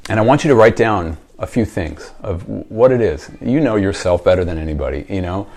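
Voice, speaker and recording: A man's voice: on the low side, lively intonation, brisk, vocal fry, darkish tone. A male pastor preaching a sermon in a conversational, storytelling way, putting reflective questions to his congregation.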